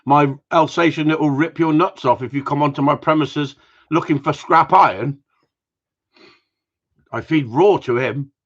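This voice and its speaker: A man's voice: fairly high pitch, measured pace, pauses often. A man hosting a live Q&A, bantering and teasing his viewers in a rambling, joking way. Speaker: host of a live gundog Q&A stream. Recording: dull lo-fi livestream audio.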